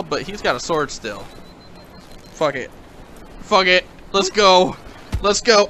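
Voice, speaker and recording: A gamer giving excited commentary while playing a VR sword game, shouting battle cries, trash-talking enemies and laughing often. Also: medium pitch, normal speed, slight background noise. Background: hip hop music.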